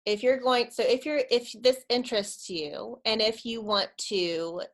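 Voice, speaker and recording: A woman's voice: a little high, a little slow. Thirties woman, conversational church speaker, earnest and direct with her listeners. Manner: earnest, conversational, addresses audience as guys and y'all. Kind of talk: informal church talk, webinar.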